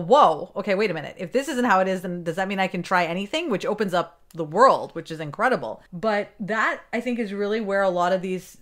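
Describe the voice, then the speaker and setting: A woman guest in a relaxed podcast conversation, speaking at a middling pitch that fits a typical voice. She is enthusiastic and talks in vivid metaphors, often restarting her sentences as ideas tumble out. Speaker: podcast guest, business coach. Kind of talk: casual interview chat.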